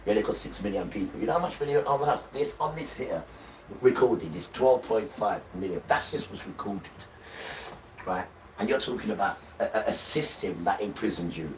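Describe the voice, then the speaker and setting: A man's voice: fairly low pitch, lively intonation, fairly quick, a little hiss or hum. Man, livestream preacher, insistent and repetitive, heard from off-mic in a roomy space. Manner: repetitive, keeps asking "right?", swells loud when reading scripture. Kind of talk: impassioned religious livestream preaching. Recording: roomy echo, distant from the mic, faint background ambience.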